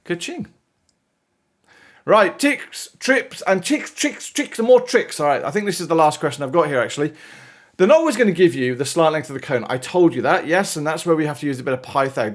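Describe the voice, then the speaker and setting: Lively British man teaching maths. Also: a little high, fast talker. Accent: British English. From United Kingdom. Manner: chatty, playful, exclamations and asides. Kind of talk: worked-example maths lesson.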